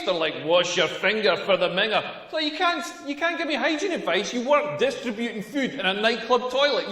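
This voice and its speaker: An actor playing a cocky stand-up comedian with a Scottish accent, delivering a sardonic, punchy set. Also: male voice, high-pitched, fairly bright tone. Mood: ranting. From Scotland. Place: comedy club stage. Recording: echoey hall with long reverb.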